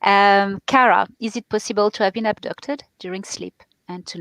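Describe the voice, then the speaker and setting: A woman's voice: medium pitch, fairly even intonation, moderate pace, a bit bright, dry recording, low-quality recording. A woman hosting a conversational interview, giving firm, emphatic advice. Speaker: host.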